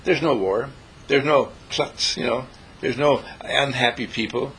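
A man's voice: medium pitch, unhurried, fairly bright tone, slight background noise, rough recording. A man giving an inspirational talk on peace to a small group, playful and preachy, sometimes acting out other people's voices. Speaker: spiritual teacher.

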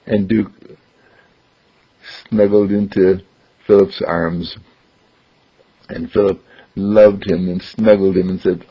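A man tells a story slowly and gently in a low, gravelly, raspy voice. His pitch is described as swinging widely from line to line, yet also as showing little movement. The recording sounds dull and lo-fi.

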